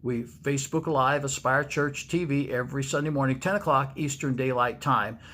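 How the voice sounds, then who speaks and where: A pastor addresses the camera in a devotional video message, telling stories in an even, mid-pitched man's voice. He repeats key lines for emphasis. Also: moderate pace. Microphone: speaking to camera.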